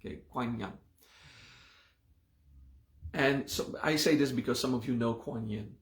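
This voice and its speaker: A man teaching a live meditation class, explaining a mantra and its hand gesture at an unhurried pace and often checking in with "okay?". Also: mid-range voice, roomy sound.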